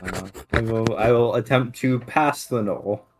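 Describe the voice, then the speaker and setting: A man's voice: mid-range voice, measured pace, noisy background. A man playing a character in a tabletop game, hesitant and stammering. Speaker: player. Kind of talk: casual game play.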